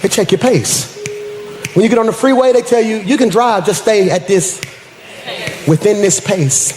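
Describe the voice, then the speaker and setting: A man preaching a sermon as pastor, in a rhythmic, sing-song style that swells into shouts and addresses the congregation in casual slang. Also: high voice, moderate pace, slight background noise. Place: church sanctuary. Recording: echoey church hall with crowd.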